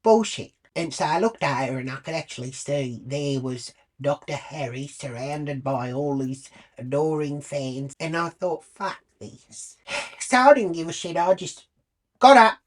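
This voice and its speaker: Low-voiced, crude woman. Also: normal speed. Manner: crude, blunt, swearing. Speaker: comedy character storyteller. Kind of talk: comic monologue.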